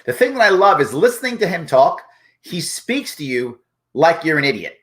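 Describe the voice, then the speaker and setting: Brief: male host, sarcastic live commentary, lively and expressive intonation. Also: fairly high pitch, normal speed. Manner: sarcastic, mocking. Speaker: show host. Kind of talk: live commentary on a news clip.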